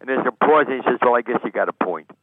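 A man's voice: mid-range voice, racing, no echo. Older American man on a tinny phone line. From United States. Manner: animated storyteller, acts out quoted voices. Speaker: sportswriter guest. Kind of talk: anecdotal storytelling interview.

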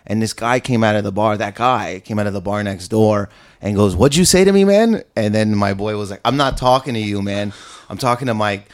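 A comedian telling an animated story in casual podcast chat and acting out the voices of the people in it. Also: male voice, lowish voice, a little fast.

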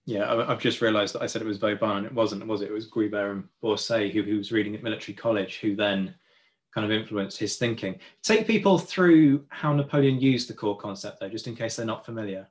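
A man's voice: lowish voice, fairly quick. A man hosting a podcast interview, chatting and asking his guest questions, sometimes correcting himself. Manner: conversational, questioning, self-correcting. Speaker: podcast host.

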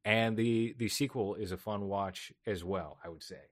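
A man with a lowish voice reviews a film on a podcast, in measured, deadpan critic phrasing. The sound is dry and close, with no room echo. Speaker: podcast co-host.

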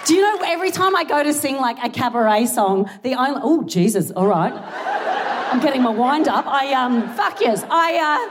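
A woman's voice: high voice, lively intonation, normal speed. A young Australian woman doing live stand-up in a big theatre, giggly, rambling and sweary with a self-mocking edge. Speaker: stand-up comedian. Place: large theatre stage. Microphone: stage mic. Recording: live theatre recording with audience noise. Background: audience laughter and crowd noise.

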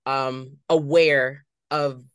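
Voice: mid-range voice, fairly even intonation, drawn-out words, clear, resonant tone, dry recording. A podcast host chatting casually, thinking aloud as they share a story. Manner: thinks aloud with fillers and restarts.

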